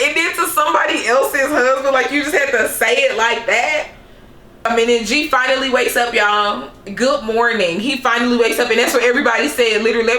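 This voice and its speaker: A young woman recaps reality TV in a sassy, animated chat full of slangy asides. Her voice sits a little high and sounds bright and forceful. The sound carries an echoey room around her. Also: moderate pace. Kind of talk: casual recap commentary.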